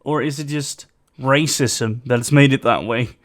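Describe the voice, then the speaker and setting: A man's voice: mid-range voice, fairly even intonation, unhurried, a bit bright. Rambling man with mixed English accent. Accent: mixed non-native English, part British, part American. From Sweden. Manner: rambling, opinionated, full of fillers. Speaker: reaction video host. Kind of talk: casual reaction commentary.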